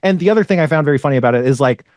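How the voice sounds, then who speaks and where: A man's voice: a little high, lively intonation, rapid-fire, a little mellow, dry recording, studio quality. A young man hosting a podcast, talking in a rambling, sarcastic way and swearing freely. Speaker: podcast host. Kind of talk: casual podcast chat.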